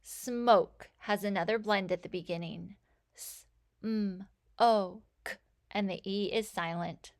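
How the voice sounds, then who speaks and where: A woman teaching a phonics lesson, sounding out letters and words with slow, clear enunciation. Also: medium pitch, fairly even intonation. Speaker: reading teacher.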